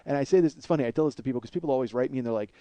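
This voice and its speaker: Fast-talking, mellow-voiced man rambling. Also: medium pitch, no echo. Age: 40s. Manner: rambling, self-deprecating, swears often. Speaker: podcast host. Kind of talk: casual comedic monologue.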